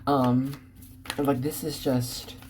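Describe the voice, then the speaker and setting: A woman's voice: a bass voice, little pitch movement, takes it slowly, a little mellow, slight background noise. A woman doing a casual tarot reading for viewers, bubbly and rambling with frequent giggles. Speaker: tarot card reader.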